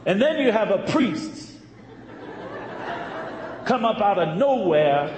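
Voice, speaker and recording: A man's voice: high-pitched, noisy background, voice pushed up. A man voicing an older Southern woman with a thick Louisville drawl, heard in an echoey hall. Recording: echoey hall, faint ambience.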